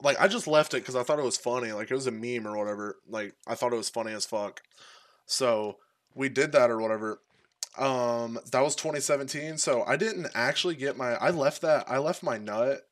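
A man's voice: medium pitch, fairly quick, no echo. A young man tells a long, crude story off the cuff, rambling and padding every thought with fillers. His voice sits in an ordinary middle register. The sound is close and dry, with no room around it. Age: young adult. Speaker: streamer. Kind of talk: casual storytelling.

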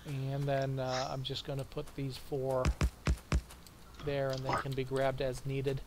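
A man's voice: medium pitch, monotone, a little slow, heavy background noise. An American man talking through his moves while playing a co-op game, methodical and full of ums and uhs. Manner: methodical, thinks aloud with many fillers. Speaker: co-op game player. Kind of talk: casual gaming chat.

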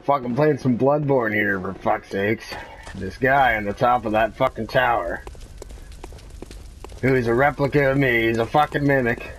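A man's voice: mid-range voice, normal speed. A man giving profane, frustrated gameplay commentary while he plays. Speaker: gamer. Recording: clear background noise.

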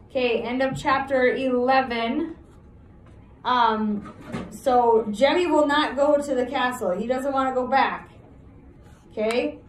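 A woman's voice: sits high, slow pace, long pauses, a little hiss or hum. Woman teacher reading aloud, echoey. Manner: steady, checks in with listeners. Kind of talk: reading a novel aloud to a class.

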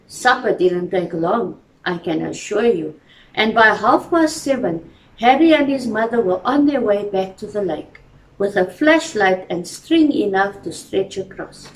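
Woman reading kids' story in church, slow, echoey and distant. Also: medium pitch, animated. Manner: gentle, addresses children directly. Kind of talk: reading a children's story aloud.

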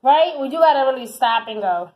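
A woman with a high voice reads tarot cards in a loose, casual monologue. She is animated and chatty, swears freely and calls the listener honey and baby. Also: a little fast, low-quality recording. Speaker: tarot reader.

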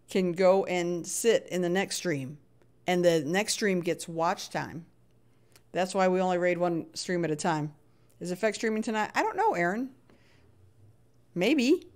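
A woman's voice: lowish voice, darkish tone. Playfully exasperated woman streamer. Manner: playfully exasperated, reads chat aloud, chatty. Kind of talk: casual live-stream chatter.

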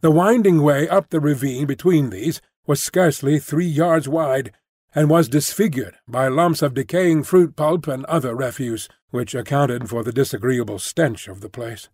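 A man's voice: medium pitch, a little mellow, breathy edge, dry recording. Man narrating an audiobook, dry close sound. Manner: measured, descriptive reading. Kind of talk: scripted narration.

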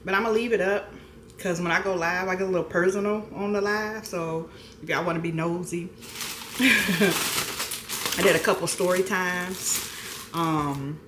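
Woman vlogger, middle-aged, lowish voice, chatty, laughs a lot, faint room ambience. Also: a bit bright, a little hiss or hum. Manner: chatty, laughs often, folksy slang. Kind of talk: casual chat to camera.

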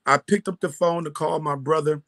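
A man's voice: fairly high pitch, fairly even intonation, normal speed, a bit bright, dry recording. A man giving a heartfelt birthday tribute to a friend, telling an earnest story full of restarts. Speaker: family friend and minister.

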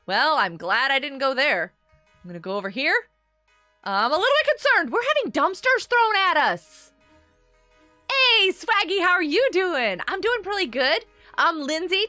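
Reading chat aloud on her casual home gaming stream, this middle-aged host comes across bubbly and giggly. She speaks in a high, bright voice with a forceful edge, and soft music can be heard behind her.

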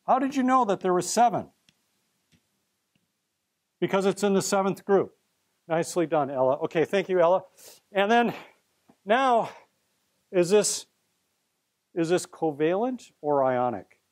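Middle-aged male chemistry professor with a high voice, playful and theatrical, lecturing a live class. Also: lively intonation, a little slow, pauses often. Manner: playful, theatrical, coaxing students up as volunteers.

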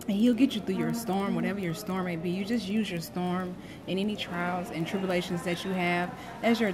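Her voice on the low side, a woman from Florida, USA, talks to viewers on a phone livestream at her graduation, with background noise and music behind her. She is heartfelt and preachy about her faith, greeting viewers by name during this emotional live talk.

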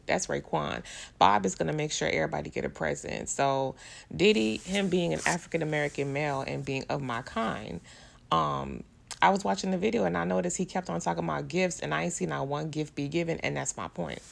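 A woman's voice: low-pitched, normal speed, gravelly. A young adult woman chatting casually about celebrity gossip in a slangy, emotional vlog style. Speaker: vlogger.

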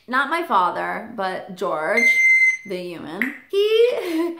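A woman vlogger tells a story at home with a lively, bouncing voice that sits a little high. She acts out the quoted lines herself. The room is echoey, and loud background noise from pet parrots runs throughout. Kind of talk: storytime vlog.

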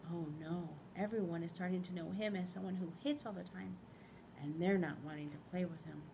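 A woman principal reading a picture book aloud to children in a school library, expressive, pausing to ask them questions. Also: on the low side, gravelly, background noise.

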